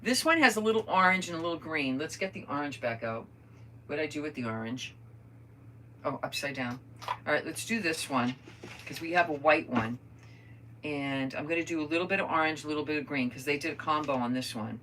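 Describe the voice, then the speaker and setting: A woman's voice: low-pitched, normal speed, bright, forceful tone. An older woman chatting casually to viewers while she crafts at home, rambling through stories and talking to them as friends. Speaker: crafter vlogger.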